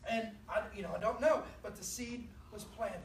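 A woman preacher, telling a personal story to her congregation in a lively, conversational sermon. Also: mid-range voice, normal speed, slight background noise. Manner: storytelling, animated, addresses the congregation directly. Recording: echoey room from a distance.

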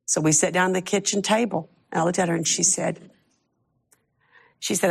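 A middle-aged woman shares a heartfelt story as a guest on a talk show, holding back tears. Her voice sits low, with a heavy gravelly fry and a husky edge. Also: fairly even intonation, normal speed. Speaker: guest author. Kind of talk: personal testimony on a talk show.

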